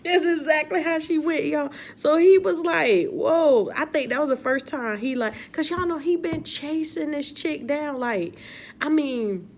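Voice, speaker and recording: A woman's voice: high voice, moderate pace. Woman reviewer, chatty, exasperated, laughing asides, faint hiss behind. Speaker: TV episode reviewer. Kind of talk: casual recap and commentary.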